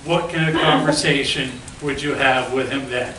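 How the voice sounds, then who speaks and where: A man's voice: mid-range voice, steady tone, normal speed, pushed and bright, a little hiss or hum. A man hosting a casual livestream, rambling and asking leading questions. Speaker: host. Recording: roomy, far from mic, rain behind.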